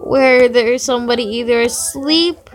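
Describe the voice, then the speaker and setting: A woman's voice: a little high, unhurried. A woman chatting casually on a livestream while she draws, talking in an earnest, confiding way. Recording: music in the background. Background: music playing.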